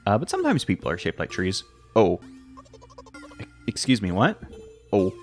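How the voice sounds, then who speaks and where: A young man reading a text game aloud with playful commentary, jumping between squeaky high and low reading voices. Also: huge pitch swings, normal speed, soft background music.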